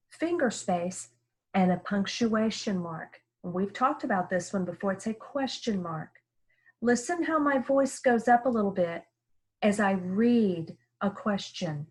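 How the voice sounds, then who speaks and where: This woman speaks as a classroom teacher recording a reading lesson. Her delivery is unhurried and patient, with every word pronounced carefully and repeated for small learners. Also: mid-range voice, animated, darkish tone. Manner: slow, careful, sounding words out clearly. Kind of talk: early-grade reading lesson.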